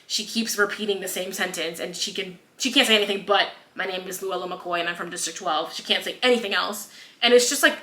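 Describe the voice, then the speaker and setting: A woman's voice: medium pitch, brisk, bright, forceful tone. A woman co-hosting a podcast, casually retelling a book's scenes, acting out the lines and swearing freely. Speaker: podcast co-host. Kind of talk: casual book review chat. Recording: echoey room.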